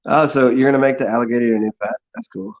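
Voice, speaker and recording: A man's voice: steady tone, racing, dull audio. A man hosting a casual livestream, rambling sarcastically and swearing as he mocks others. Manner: sarcastic, mocks people in high put-on voices, swears. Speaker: livestream host.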